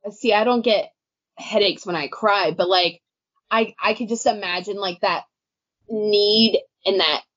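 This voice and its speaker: A woman co-hosting a casual book podcast, rambling with many fillers and quick laughs. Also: medium pitch, steady tone, a bit bright, no echo. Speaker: podcast co-host. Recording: dull dry lo-fi audio.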